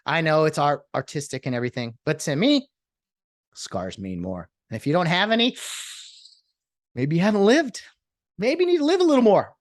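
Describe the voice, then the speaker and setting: A man talks alone on his podcast, rambling and sarcastic as he hops from one topic to the next. His pitch jumps all over the place, and the sound is dry and close, with no room around it. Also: big pitch swings, moderate pace, long pauses, no room sound. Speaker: podcast host. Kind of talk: solo podcast monologue.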